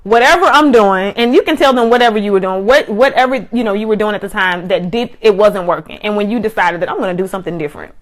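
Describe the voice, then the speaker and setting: A woman's voice: medium pitch, fast talker, few pauses, rough recording. A woman hosting a faith-based live interview, speaking eagerly to her viewers. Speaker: host.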